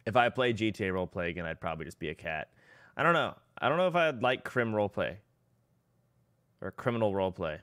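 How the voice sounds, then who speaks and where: Lively, rambling young male streamer. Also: on the low side, quick pace, no room sound. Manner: rambling, profane, exclaiming. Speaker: livestreamer. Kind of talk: casual stream chatter.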